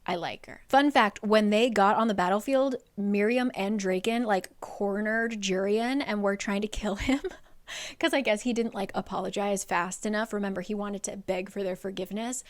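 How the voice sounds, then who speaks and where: A woman's voice: mid-range voice, fairly even intonation, normal speed. A woman giving a casual, chatty recap of a book's plot, peppered with "like" and the odd swear word. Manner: chatty, swearing, heavy use of "like". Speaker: book recap creator.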